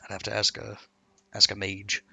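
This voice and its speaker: Gravelly-voiced rambling streamer man. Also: fairly low pitch, monotone, normal speed, pushed and bright, no room sound. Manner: rambling, self-interrupting storyteller. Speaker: gameplay streamer. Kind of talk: casual gameplay commentary.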